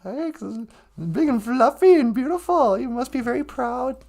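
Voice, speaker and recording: A man voicing an easygoing old male bear in a told folk story, loud and relaxed. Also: extremely high pitch, moderate pace, exaggerated voice.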